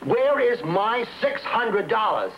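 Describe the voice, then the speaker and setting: A man's voice: high voice, very animated, slow, full character voice. An actor playing a stubborn cabbie who bluntly demands his money, in a 1960s TV drama on a dull old soundtrack with hiss. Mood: indignant. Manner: blunt, emphatic, threatening.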